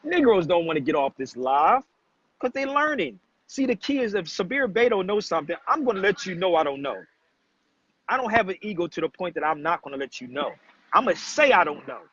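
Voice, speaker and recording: Male streamer, high pitch, confrontational and preachy, dull lo-fi sound. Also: a bit bright, breathy edge, no echo. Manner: preachy, confrontational, addresses chat as family. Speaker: livestream host. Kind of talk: casual livestream talk to viewers. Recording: dull, muffled lo-fi livestream audio.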